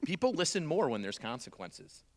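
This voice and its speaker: A man's voice: a little high, a little slow. A man who works as a drill sergeant, telling blunt, profane stories on a live stream panel. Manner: profane, blunt, lively storyteller.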